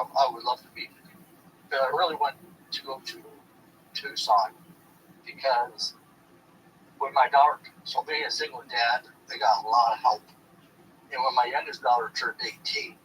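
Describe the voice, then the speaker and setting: Earnest rambling man, bright distant voice. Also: medium pitch, a little hiss or hum. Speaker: candidate. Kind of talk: casual storytelling.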